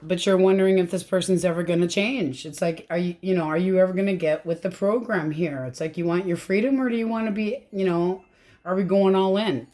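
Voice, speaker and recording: A woman's voice: lowish voice, fairly even intonation, fairly quick, mellow, a little hiss or hum. Blunt, chatty woman reading tarot. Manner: chatty, blunt, swears freely. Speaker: tarot reader.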